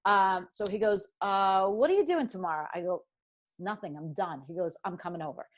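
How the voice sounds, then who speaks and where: A woman's voice: mid-range voice, moderate pace. A middle-aged woman, a financial professional telling a candid personal story and acting out the dialogue.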